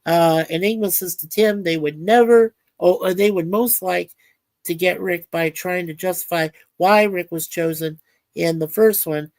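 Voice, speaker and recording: With a darkish tone on the low side, a woman talks at normal speed while co-hosting a livestream. She reads viewer comments aloud and chats casually with lots of filler words, and the recording is dry.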